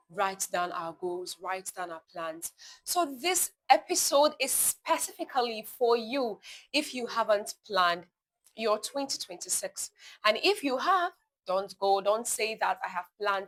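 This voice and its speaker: Bright-voiced woman giving emphatic motivational talk. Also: medium pitch, poor audio. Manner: emphatic and repetitive, lively asides. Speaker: podcast host.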